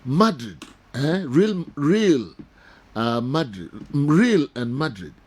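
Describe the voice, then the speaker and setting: A man with a Ghanaian accent hosting a studio football debate, animated and switching between English and Twi. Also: a little high, takes it slowly, slightly rough. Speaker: sports show host.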